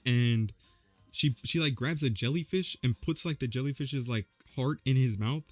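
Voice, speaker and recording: A man's voice: mid-range voice, moderate pace, no echo, soft background music. A young man casually recapping a movie, rambling with lots of slang and fillers. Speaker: vlogger.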